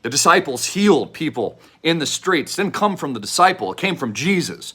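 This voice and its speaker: A man delivering a fervent, preachy direct-to-camera investment pitch, repeating slogans and at times shouting them. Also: very animated, fairly quick, few pauses, husky. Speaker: online show host pitching an investment project.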